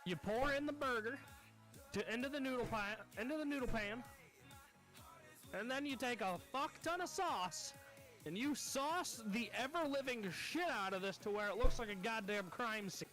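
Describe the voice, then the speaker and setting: A woman's voice: on the high side, expressive, normal speed, fairly bright tone, faint music behind. A woman playing a tabletop game who talks in a crude, profane, joking way during casual chat. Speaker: player.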